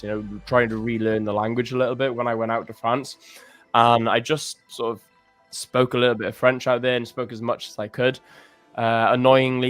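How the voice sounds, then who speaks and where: A young British man co-hosting a live trading stream in casual chat, animated and laughing often. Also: mid-range voice. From Britain.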